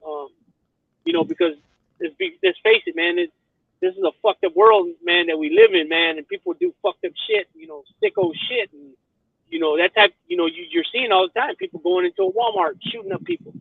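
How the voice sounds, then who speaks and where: High-pitched, gravelly man on a phone line. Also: huge pitch swings, a little fast, no room sound. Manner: profane, rambling, keeps asking "you know what I mean". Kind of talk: casual chat. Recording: tinny phone line, dry.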